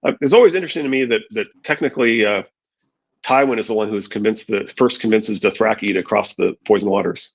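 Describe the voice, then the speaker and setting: A man's voice: on the low side, fast talker, creaky, husky, highs cut off. A man reading a novel aloud and adding wry, thoughtful commentary. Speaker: podcast host reading aloud.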